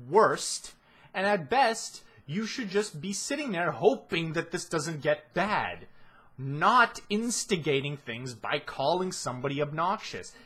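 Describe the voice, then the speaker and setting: A man's voice: a little high, pushed and bright, breathy edge. A man giving a ranting analysis of a show, exasperated and swearing heavily. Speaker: video commentator.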